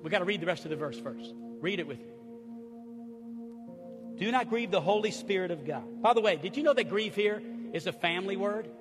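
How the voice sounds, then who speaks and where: Impassioned high-voiced man preaching in hall. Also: expressive, brisk. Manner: preaching, swings from hushed to rising, impassioned outbursts. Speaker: pastor. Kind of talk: sermon with closing prayer. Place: church sanctuary. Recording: echoey hall with music behind. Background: soft music underneath.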